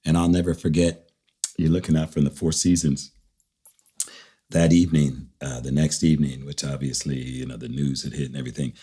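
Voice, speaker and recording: Male guest, extremely low husky voice, reflective and soft-spoken. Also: steady tone, brisk. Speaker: guest musician. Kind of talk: casual interview chat.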